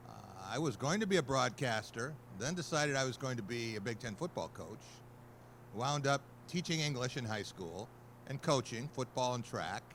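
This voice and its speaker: A man's voice: medium pitch, fairly bright tone, slight background noise. A male sportswriter on a panel, telling a wry anecdote and acting out the people in it. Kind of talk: panel talk, storytelling.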